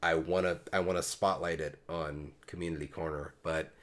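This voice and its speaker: A man's voice: extremely low pitch, fairly even intonation, moderate pace. A man from Pennsylvania hosting a casual gaming podcast, rambling and poking fun at himself as he hands the talk around. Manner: rambling, self-mocking and jokey. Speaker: podcast host.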